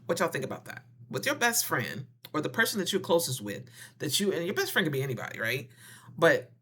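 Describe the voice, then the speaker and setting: An animated wellness vlogger talks straight to the viewers in a relaxed, easy way. Pitch sits in a middle range, and the delivery stays playful, full of endearments and slang, with quick acted-out scenes. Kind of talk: casual advice monologue to viewers.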